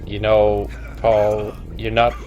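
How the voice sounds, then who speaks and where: A man's voice: fairly low pitch, completely flat delivery, takes it slowly, darkish tone, highs cut off, soft background music. A man co-commentating a video game over a headset, dry and sarcastic. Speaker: let's play co-commentator. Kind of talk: casual gaming commentary.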